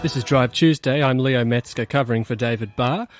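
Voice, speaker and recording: A man, a radio host interviewing a guest in a friendly, slightly halting way. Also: mid-range voice, music in the background. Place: radio studio.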